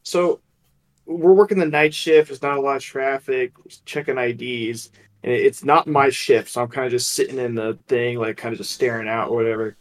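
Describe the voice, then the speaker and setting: A man co-hosting a podcast who tells a funny story in an animated, casual way. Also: mid-range voice, moderate pace. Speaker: co-host.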